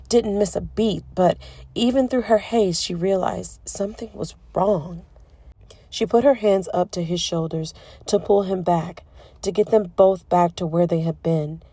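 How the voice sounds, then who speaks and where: Slow, mellow woman narrating a story. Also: fairly low pitch, breathy edge, dry recording. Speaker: audiobook narrator. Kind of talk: scripted narration.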